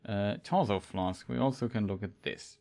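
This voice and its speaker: Male streamer, lowish voice, relaxed hesitant play-along commentary. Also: normal speed, gravelly. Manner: thinking aloud, hesitant with fillers. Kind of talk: casual gameplay commentary.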